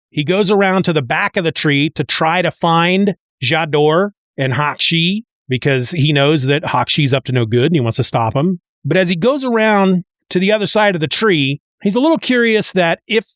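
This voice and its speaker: This is a man with a fairly high voice, hosting a relaxed comic book recap. He talks in an excitable, chatty way and stumbles into restarts as he walks through each page. His voice sounds close and dry. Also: no room sound. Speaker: comic book podcast host.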